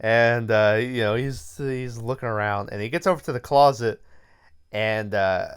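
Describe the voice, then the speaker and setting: A young man co-hosting a movie podcast, rambling through long stories full of fillers and casual swearing. His voice is smooth and clear, pitched in a plain middle range. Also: normal speed. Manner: rambling, profane storytelling with lots of fillers. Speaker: podcast co-host. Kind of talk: casual movie review chat.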